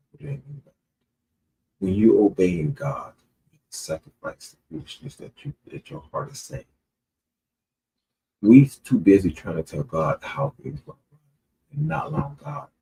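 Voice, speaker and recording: Deep gravelly man, lively and preachy. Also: low-quality recording. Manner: preachy, quotes scripture. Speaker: co-host. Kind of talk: casual livestream chat.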